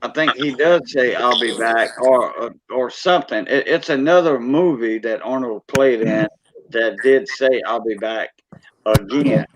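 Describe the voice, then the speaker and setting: A man's voice: medium pitch, measured pace, background noise. A man hosting a casual livestream chat, hesitating and saying "yeah" often. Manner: hesitant, repeats "yeah" a lot. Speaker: livestream host. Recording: dull lo-fi stream audio.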